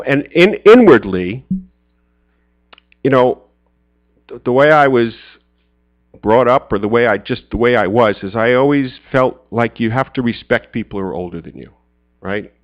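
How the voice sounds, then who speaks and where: A middle-aged man, the speaker at a men's church gathering, shares a personal story in sermon form, recorded with lo-fi sound. Animated throughout, he takes on his friends' parts in a high, excited voice.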